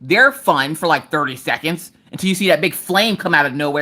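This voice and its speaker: A woman's voice: low-pitched, fairly quick. A woman hosting a casual crafting livestream, talking straight to her viewers with sass and lots of energy. She grew up in the eastern United States countryside. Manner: animated, sassy, talks straight to viewers. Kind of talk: casual live chat.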